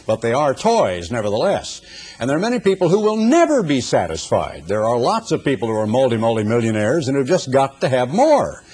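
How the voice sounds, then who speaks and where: Husky older man preaching folksy sermon. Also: mid-range voice, huge pitch swings, brisk, darkish tone. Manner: folksy storytelling with humorous asides. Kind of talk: sermon with anecdotes.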